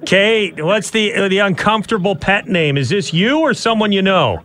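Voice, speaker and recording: A man's voice: high voice, lively intonation, moderate pace, a bit bright. A man in his thirties hosting a radio show, joking and teasing in casual banter. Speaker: radio host.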